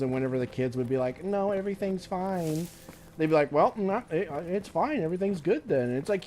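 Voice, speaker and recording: A man's voice: mid-range voice, mellow. A man streaming a video game, ranting angrily in casual profane chat. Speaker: gaming streamer. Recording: faint background noise.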